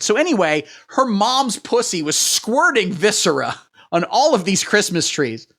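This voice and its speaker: A man hosting a satirical livestream, riffing crudely in a rambling, deadpan way while he reads the chat. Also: sits high. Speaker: livestream host. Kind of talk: satirical livestream comedy rant.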